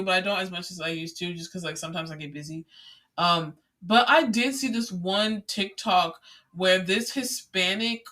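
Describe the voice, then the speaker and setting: A young adult host talks alone into a podcast mic in a loose, rambling way, piling up fillers and restarts. The tone turns exasperated and incredulous when ranting. The voice sits bright and forward at a middling pitch. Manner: chatty, rambling, many filler words. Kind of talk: casual solo podcast monologue.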